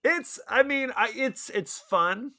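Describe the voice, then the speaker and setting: Lively, bright-voiced man hosting. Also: very high-pitched, slow pace. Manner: wry, laughs while talking, asks for ratings. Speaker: podcast host. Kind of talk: casual chat.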